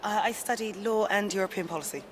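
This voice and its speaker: A woman's voice: mid-range voice, fast talker. A woman giving earnest interview answers who often restarts her words, recorded in a large indoor lobby with people talking in the background. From England. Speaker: interview guest. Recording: noisy public lobby.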